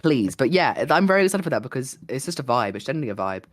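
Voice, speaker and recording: A man co-hosting a podcast, hoarse and losing his voice, chatting casually and rambling with plenty of "like". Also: mid-range voice, very animated, quick pace, no echo, studio quality. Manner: rambling, lots of "like" and restarts. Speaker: podcast co-host and streamer. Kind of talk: casual chat.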